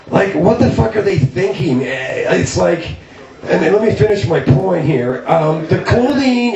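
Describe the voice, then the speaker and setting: Middle-aged man from Canada, host of a loft comedy night: high-ish voice, profane and rambling, heard from a distance. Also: darkish tone. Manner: rambling, profane, self-mocking bravado with many fillers. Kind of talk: stand-up style intro monologue. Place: loft art studio with live audience. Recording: distant, roomy, dull lo-fi camera audio.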